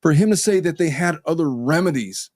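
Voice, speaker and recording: A man's voice: fairly high pitch, expressive, a little fast, darkish tone, no echo, studio quality. Conversational man hosting a law podcast. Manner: conversational, repeats words as he starts. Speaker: podcast host. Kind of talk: podcast legal analysis.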